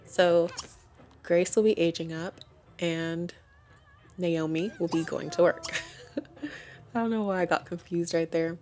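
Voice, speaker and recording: A woman's voice: on the low side, fairly even intonation, a little slow, long pauses, darkish tone, soft background music. Chatty woman narrating her game. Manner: chatty, giggly, self-correcting. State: hiccups. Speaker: gaming channel host. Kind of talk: casual game commentary.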